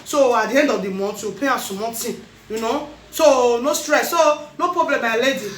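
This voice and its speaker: A woman with a Nigerian accent, chatting casually in a vlog, animated and laughing often, repeating her phrases. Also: high-pitched, normal speed, echoey room. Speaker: vlogger host.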